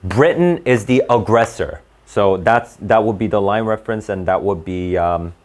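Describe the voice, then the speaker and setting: A man with a low, darkish voice at a moderate pace tutors for the SAT by working through reading questions aloud. He thinks out loud in a casual way, correcting himself and checking in with "right?"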